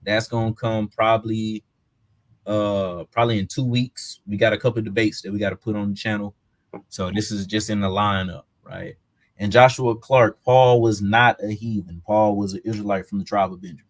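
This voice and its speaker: A man's voice: lowish voice, steady tone, moderate pace. A man hosting a live reaction stream, commenting on a debate clip. He laughs often and talks in a loose, mocking way.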